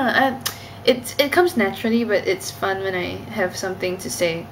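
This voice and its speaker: A woman's voice: mid-range voice, moderate pace, poor audio. This is a young woman with Cantonese as her first language, chatting in a casual vlog. She rambles and is giggly and self-conscious. The voice is in a middle register, with faint background noise. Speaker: vlogger.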